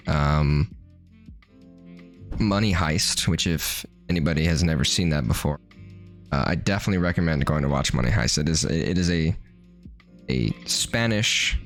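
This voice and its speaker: A young man with a very low voice co-hosts a casual podcast, joking around and swearing freely. He's from New Mexico and talks loosely, with faint music playing behind him. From New Mexico, USA. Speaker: podcast co-host. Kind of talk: casual chat.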